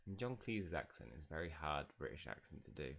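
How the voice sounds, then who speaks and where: A man's voice: very deep voice, big pitch swings, a little fast, gravelly, fairly bright tone, a little hiss or hum. A man streaming a video game live, making joking, self-mocking asides while reading along. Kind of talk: livestream gameplay commentary.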